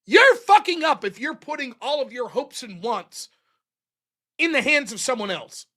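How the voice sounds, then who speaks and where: A man's voice: very high voice, very animated, normal speed, bright, forceful tone. Angry, profane male livestream host. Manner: angry, profane, rhetorical questions. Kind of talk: profane political rant on a livestream.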